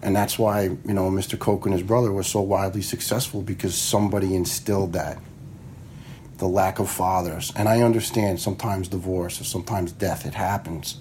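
A man's voice: sits low, darkish tone, slight background noise. A man, a retired fire lieutenant telling personal stories in a blunt, frank way, swearing freely and acting out the dialogue he quotes. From New York area. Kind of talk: casual personal storytelling.

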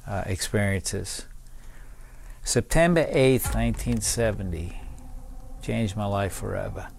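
A man's voice: on the low side, no room sound. A man in his seventies, a Vietnam veteran and public speaker, earnestly telling a personal story in an interview and repeating key phrases for emphasis.

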